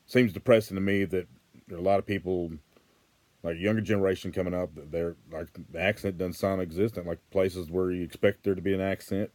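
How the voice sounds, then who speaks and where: Man, Western Arkansas accent, low dark voice, dry close sound, rambling casual vlog talk. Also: no echo. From Arkansas, USA. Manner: rambling, repeats and restarts, plainspoken. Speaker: vlogger.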